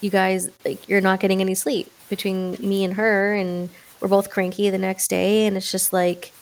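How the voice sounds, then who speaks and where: Woman, mother, podcast co-host, casual chat, supportive, gravelly. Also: mid-range voice, level tone, moderate pace. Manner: supportive, chatty, shares her own stories.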